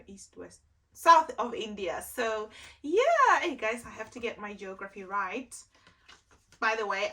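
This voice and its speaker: Chatty young South African woman, fairly high bright voice, vlog chat, a bit off-mic. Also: distant mic. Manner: chatty, with frequent "like" and "um" fillers. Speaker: vlogger.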